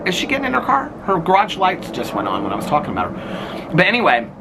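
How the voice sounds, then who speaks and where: A man vlogging outdoors in his neighborhood with a handheld camera, telling animated, gossipy stories and laughing often. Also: high-pitched, fast, background noise. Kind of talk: casual outdoor vlog chat.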